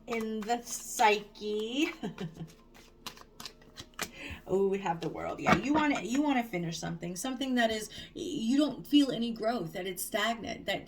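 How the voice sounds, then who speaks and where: A woman giving a casual, chatty tarot reading, rambling and digressing with lots of fillers and restarts. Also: medium pitch. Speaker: tarot reader.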